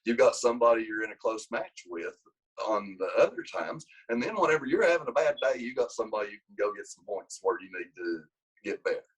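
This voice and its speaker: Speaking briskly in a mid-range, slightly rough voice, a wrestling coach tells a long interview story on a low-quality recording. He rambles, restarts often, and animates when acting out quotes.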